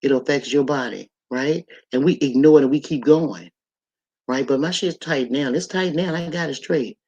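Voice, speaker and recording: A man's voice: a little high, normal speed, darkish tone, husky, dull audio. A man, hosting a livestream and talking in a blunt, profane, rambling monologue. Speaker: livestream host.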